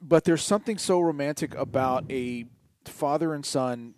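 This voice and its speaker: A middle-aged man co-hosting a podcast, chatting casually about sports and telling stories with drawn-out, emphatic words. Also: on the high side, a little hiss or hum. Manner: animated storyteller, stretches key words. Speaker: podcast co-host.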